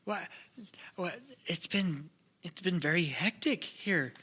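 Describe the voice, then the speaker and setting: A man voicing a small male gnome who stammers and rushes his words in panic. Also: high-pitched, bright, forceful tone, breathy edge, full character voice. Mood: frantic.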